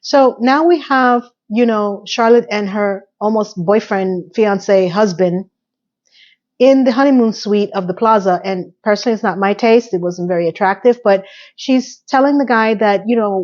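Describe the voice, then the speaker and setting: A woman's voice: mid-range voice, measured pace, highs cut off. Chatty opinionated woman recapping an episode.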